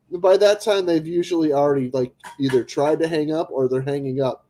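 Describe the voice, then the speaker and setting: A man chatting casually on a livestream in an excitable, rambling way, cracking crude jokes and acting out phone calls. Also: fairly high pitch, fairly quick, poor audio. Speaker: streamer.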